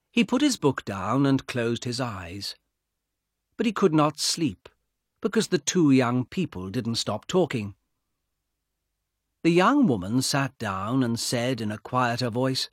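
A man narrates a simple story at a very slow, deliberate pace. His voice is breathy and lively in pitch, recorded dry and close. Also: no echo.

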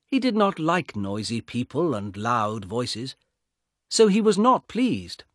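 A man narrates a simple story at a very slow, deliberate pace. His voice is breathy and lively in pitch, recorded dry and close. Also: no room sound.

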